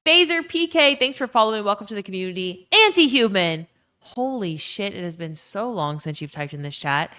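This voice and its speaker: A woman's voice: medium pitch, expressive, brisk, bright, forceful tone. A young woman with a Southern US accent chatting casually on a live stream, swearing freely and reading out chat messages. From Louisiana.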